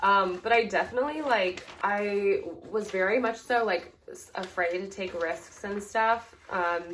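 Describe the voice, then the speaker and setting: A woman's voice: medium pitch, measured pace, a bit bright, slight background noise, low-quality recording. A young woman in her twenties co-hosting a casual chat, playful and teasing, often laughing. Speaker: co-host.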